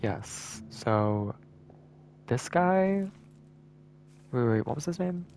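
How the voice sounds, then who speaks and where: Gravelly man thinking aloud. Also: medium pitch, expressive, very slow, darkish tone, slight background noise. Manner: thinking aloud, repeating words. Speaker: streamer. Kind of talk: casual gameplay commentary.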